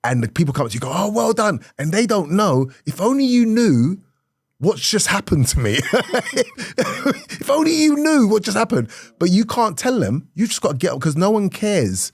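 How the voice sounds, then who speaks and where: A middle-aged man, a comedian telling an animated story in conversation, swinging from hushed to loud and laughing often. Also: sits high, brisk, breathy edge, no echo. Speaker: comedian guest.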